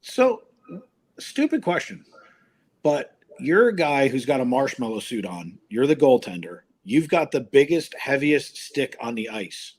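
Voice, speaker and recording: A man's voice: mid-range voice, a little slow. Man ranting about hockey calls. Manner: animated, incredulous ranting. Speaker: hockey show host. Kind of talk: casual sports chat.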